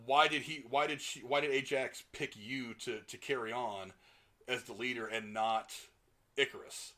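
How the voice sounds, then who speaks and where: Man, podcast co-host, bright voice, casual movie chat, reads comments aloud. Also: mid-range voice, steady tone, moderate pace.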